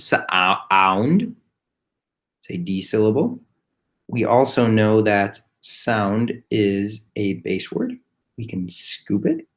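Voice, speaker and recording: Guy teaching kids phonics, lowish voice, talks real slow, spells stuff out letter by letter. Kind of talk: phonics lesson for young children. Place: home, recorded remotely.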